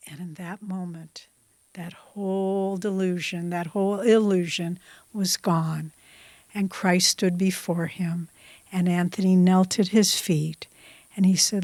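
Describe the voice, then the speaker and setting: A woman teaches a spiritual class, speaking with a slow, unhurried cadence. Her devotional delivery stays soft and even. The recording is dry and close, with little room sound. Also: fairly low pitch, no echo. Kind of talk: class talk, storytelling.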